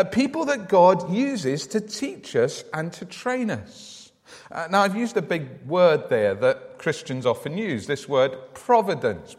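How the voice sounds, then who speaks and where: Male pastor, earnest storytelling sermon, slightly raised pitch, long church reverb. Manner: earnest storytelling, repeats words when starting. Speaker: preacher.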